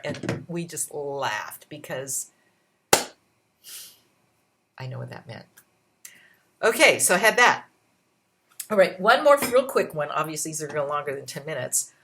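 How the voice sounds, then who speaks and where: A woman vlogging in a casual storytelling style. Her voice sits a little low, but she moves around a lot, speeding up, slowing down and jumping higher to act out other people's lines. It comes across as chatty and expressive. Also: slight background noise. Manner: animated retelling with shifting pitch and pace; acts out quoted voices.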